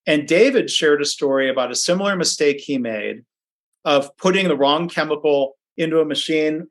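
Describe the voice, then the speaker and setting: A man's voice: fairly high pitch, normal speed, fairly bright tone. A man giving a conversational webinar presentation from his home office, chatty, with frequent ums and restarts.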